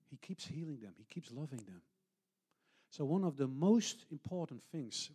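A man's voice: medium pitch, a little mellow. A middle-aged man, a missionary pastor, preaching a sermon in an earnest storytelling way, with non-native phrasing and frequent restarts.

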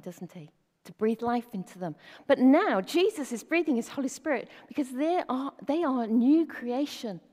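A woman's voice: a little high, dark tone. Woman preaching in a reverberant hall. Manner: conversational, asks rhetorical questions. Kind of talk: sermon.

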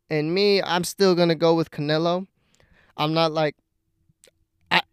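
A young man rambles through a casual story, swearing freely and laughing at his own jokes. His voice sits a little high and sounds crisp and smooth. The recording is close and dry, with no room sound. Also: no room sound. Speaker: podcast host.

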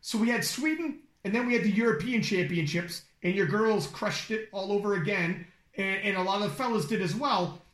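A man hosting a podcast interview, talking fast and excitably with lots of swearing and animated storytelling. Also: high-pitched. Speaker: podcast host. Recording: echoey room.

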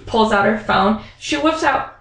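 A woman's voice: fairly high pitch, measured pace, reverberant, low-quality recording. A young woman chatting casually, telling a story with lots of fillers and acting out the voices of the people in it. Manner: animated storytelling, acts out quoted voices; many fillers like "like" and "um". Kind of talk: casual chat.

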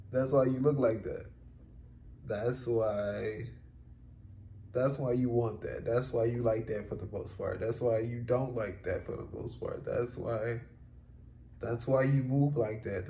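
A man muses aloud in a solo podcast, rambling and loose, leaning on fillers and casual swearing. His voice is low-set and mellow, with a gravelly edge, and he speaks at an unhurried pace. The room gives a noticeable echo. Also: a little hiss or hum. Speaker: podcast host. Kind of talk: solo reflective podcast monologue. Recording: roomy echo.

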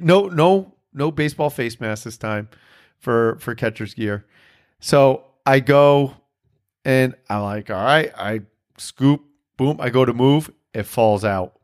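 A man hosting a podcast in casual chat, telling a rambling, profane story with self-mocking laughs. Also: medium pitch. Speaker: podcast host.

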